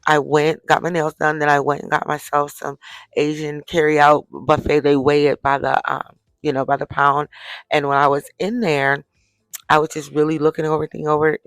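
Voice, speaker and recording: A woman's voice: deep voice, no room sound, poor audio. A middle-aged woman chatting casually to her viewers, telling a story from her day in a chatty way. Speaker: vlogger. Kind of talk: casual chat. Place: at home, winding down for bed.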